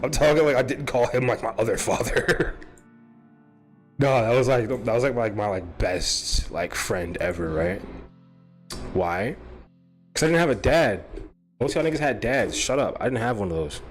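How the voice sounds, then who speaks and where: A man's voice: medium pitch, normal speed, long pauses, soft background music. A man hosting a casual talk show, rambling, swearing and laughing often. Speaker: host.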